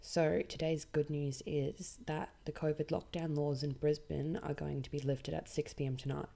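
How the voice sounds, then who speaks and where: A woman's voice: sits low, level tone, normal speed, vocal fry, dark tone. A young Australian woman hosting her own podcast, ranting bluntly and swearing freely about people who play the victim. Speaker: podcast host. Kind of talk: casual ranting monologue.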